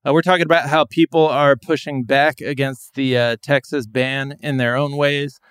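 A man's voice: medium pitch, steady tone, normal speed, a bit bright, clean tone, no echo, clean studio sound. A man hosting a podcast, upbeat as he introduces guests and runs through the topics. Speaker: podcast host. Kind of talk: casual chat.

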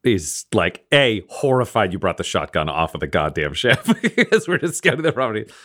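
A man's voice: fairly low pitch, big pitch swings, normal speed, bright, forceful tone. A man playing a tabletop game, describing his character's actions in casual talk. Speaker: player.

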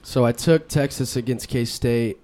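A man's voice: medium pitch, measured pace, warm tone. A man co-hosting a casual sports podcast, arguing his points eagerly. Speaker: podcast co-host.

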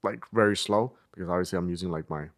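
Laid-back young man, low voice. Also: fast talker, no room sound, clean studio sound. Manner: laid-back storytelling, slangy, acts out quoted voices. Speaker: podcast co-host. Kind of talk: casual chat.

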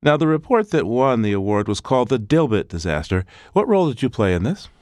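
A man's voice: mid-range voice, big pitch swings, brisk, darkish tone, no echo, studio quality. A man hosting a radio interview, asking questions in a conversational way. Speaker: radio show host.

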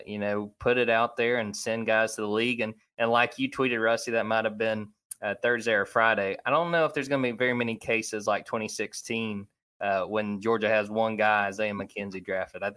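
A man hosts a casual sports talk show with a somewhat low voice. He talks in a loose, conversational way, with plenty of fillers and restarts, and reels off lists of names quickly. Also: pushed and bright. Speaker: sports podcast host.

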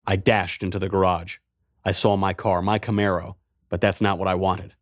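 A man's voice: low-pitched, little pitch movement, normal speed, no echo, clean studio sound. A man narrating a first-person adventure story in a tense, driving way.

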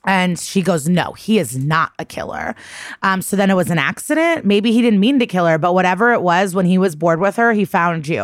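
A woman's voice: fairly low pitch, no room sound, clean studio sound. A woman co-hosting a podcast, chatty and profane, recapping a TV episode and acting out its lines. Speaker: podcast co-host.

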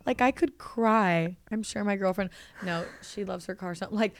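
Playful, teasing young woman. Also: medium pitch. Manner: playful, teasing, quick banter. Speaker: podcast guest. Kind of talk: casual chat.

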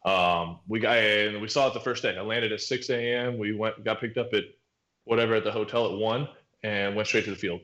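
A man's voice: on the low side, steady tone, a little fast, a bit bright. A man in his thirties, a podcast guest, talking in a laid-back, rambling way with lots of fillers. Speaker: podcast guest, pro baseball pitcher. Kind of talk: casual chat. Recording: roomy echo.

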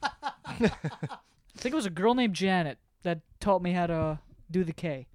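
A man's voice: sits high, expressive, unhurried, dry recording. Young man trading crude jokes, dry. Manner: joking, crude banter. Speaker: sibling guest. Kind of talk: casual chat.

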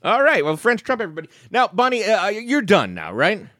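A man's voice: sits high, huge pitch swings, a little fast, bright, forceful tone, no room sound, studio quality. A man co-hosting a comedy podcast, teasing and playing straight man. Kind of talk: casual comedic banter.

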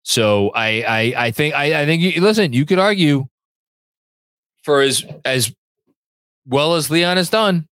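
A man's voice: a little high, animated, unhurried, long pauses, a bit bright, no echo. A man hosting a sports fan podcast, reading viewer comments aloud in a rambling way and often repeating words while he thinks. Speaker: podcast host.

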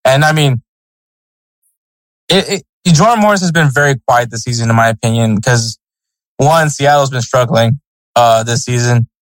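A man's voice: medium pitch, moderate pace, long pauses, no room sound, rough recording. Rambling male podcast co-host. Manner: rambling, many fillers and restarts. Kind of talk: casual sports chat.

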